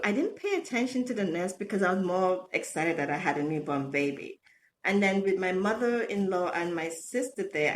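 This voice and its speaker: A middle-aged woman, a podcast guest, telling stories about motherhood in a lively way, laughing often and acting out quotes. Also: medium pitch, slight background noise. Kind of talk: casual storytelling interview.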